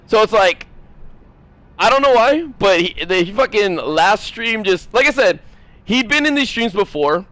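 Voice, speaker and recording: A man's voice: sits high, lively intonation, pushed and bright, no echo. A man streaming a game, rambling and swearing as he rants casually at his chat, sometimes mimicking other people. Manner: rambling, profane, mimics others in quick asides. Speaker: gaming streamer.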